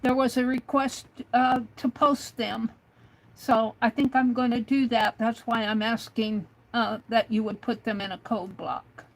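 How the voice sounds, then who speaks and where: A woman's voice: on the high side, little pitch movement, unhurried, poor audio. A woman hosting a craft livestream, chatting casually and hesitantly with an AI assistant, with many fillers. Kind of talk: casual livestream talk to a chatbot.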